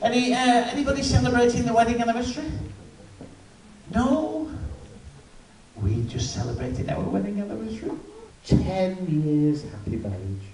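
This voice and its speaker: Comedian in a roomy hall. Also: male voice, high-pitched, lively intonation, normal speed, darkish tone, distant mic, slight background noise. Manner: dry storytelling, chats with the audience. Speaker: stand-up comedian. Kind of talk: stand-up routine. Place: live venue.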